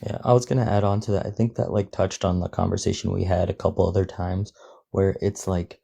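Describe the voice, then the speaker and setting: A man's voice: deep voice, level tone, a little fast, creaky, warm tone. A man speaking as a panelist in a casual discussion, earnest and conversational.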